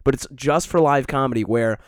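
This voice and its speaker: A man's voice: mid-range voice, smooth, no echo, studio quality. A man hosting a podcast, asking questions eagerly and laughing often in casual chat. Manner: laughs a lot, eager, quick asides. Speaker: podcast host.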